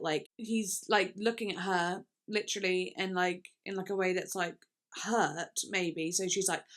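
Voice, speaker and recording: A woman's voice: lowish voice, fairly even intonation, a little slow, a bit bright. A young woman chatting casually in a music reaction video, thinking aloud with lots of fillers and restarts.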